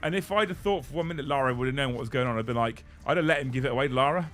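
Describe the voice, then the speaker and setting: A man hosting a casual chat, telling an animated story and swearing freely. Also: mid-range voice, very fast. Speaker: host.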